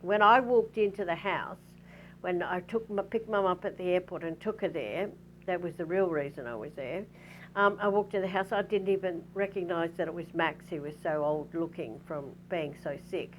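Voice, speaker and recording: A woman's voice: fairly low pitch, normal speed, slight background noise, rough recording. A middle-aged Australian woman tells a personal story to her audience in a candid, rambling way, full of asides and restarts. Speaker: spiritual teacher.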